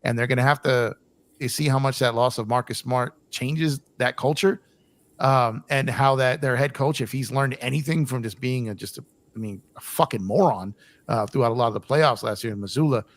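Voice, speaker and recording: A man's voice: mid-range voice, normal speed. A man hosting a casual sports podcast, rambling with repeated words, frequent swearing and laughter. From United States. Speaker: podcast host.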